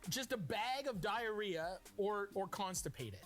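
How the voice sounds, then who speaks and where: A man hosting a cooking show, playful and excitable, cracking crude jokes as he cooks. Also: high-pitched, unhurried, soft background music. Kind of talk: energetic cooking demonstration.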